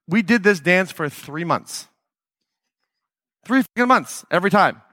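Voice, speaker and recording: A man's voice: high-pitched, expressive, measured pace, sharp tone, no echo, clean studio sound. Blunt, profane male podcast host. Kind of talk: casual solo podcast monologue.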